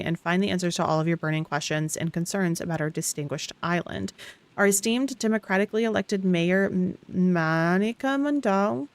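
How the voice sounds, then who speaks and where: A woman's voice: on the low side, dry recording. A woman streaming a game, reading the on-screen text aloud with small asides to herself. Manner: reads in an even tone, with small asides and restarts.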